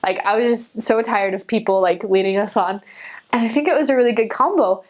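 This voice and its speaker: A young adult woman, a returned missionary, telling a personal story in a chatty, animated way, full of "like" fillers. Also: on the high side, fairly quick. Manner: chatty, animated, many "like" fillers, acts out quotes in a raised voice.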